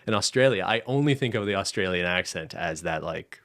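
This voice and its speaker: Deep gravelly young man chatting. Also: a little fast, dry recording, clean studio sound. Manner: relaxed, rambling, laughs often. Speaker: podcast co-host. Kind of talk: casual chat.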